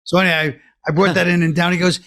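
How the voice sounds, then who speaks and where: A man's voice: sits high, little pitch movement, rapid-fire, fairly bright tone. A man from Brooklyn, a guest comedian telling rambling, dry stories in a casual podcast chat. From Brooklyn, New York. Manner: rambling storyteller, dry and wry.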